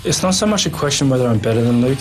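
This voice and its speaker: A young Australian man, a fighter, talks earnestly in a reality show confessional, stumbling and restarting as he speaks. His voice sits at an ordinary middle pitch. Music plays clearly underneath him. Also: animated, very fast.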